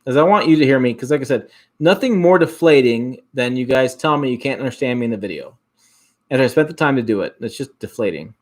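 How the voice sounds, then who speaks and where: Talking fast with lively intonation and a medium pitch, this host from Michigan reads out comments on his casual livestream. His Upper Midwest accent comes through as he rambles, keeps restarting and repeating words, and chuckles a lot.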